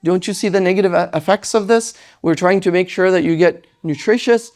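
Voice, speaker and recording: Animated lecturer on Islamic parenting. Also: medium pitch, fairly quick. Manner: animated, tags lines with "right?"; acts out parents and children in quoted voices.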